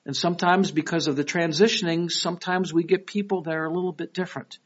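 Speaking at a quick pace in a slightly high voice, a middle-aged pastor from Michigan preaches with a Detroit accent. His sermon is conversational and story-driven, with lively quoted voices, and the recording sounds dull and lo-fi.

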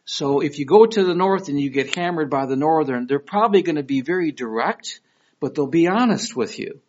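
In a dull lo-fi recording with slight background noise, a man with a fairly quick, higher-sided voice preaches. He's a middle-aged pastor from Michigan with a Detroit accent, keeping it conversational and storytelling, with lively voices for the people he quotes.

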